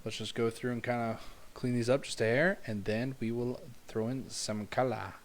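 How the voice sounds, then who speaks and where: A man developing a game, chatting casually on a livestream from home as he works, relaxed and thinking aloud into a close desk mic. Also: mid-range voice, normal speed, a little hiss or hum. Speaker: game developer and animator streaming his work. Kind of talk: casual livestream work talk. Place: home room with noisy neighbors upstairs.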